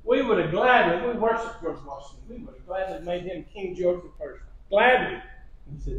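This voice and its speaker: Preacher, male, high-pitched, chuckling storyteller, roomy church sound. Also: expressive, moderate pace, fairly bright tone, lo-fi sound, slight background noise. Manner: storytelling with repeated phrases and chuckles. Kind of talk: sermon lesson. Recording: echoey church hall.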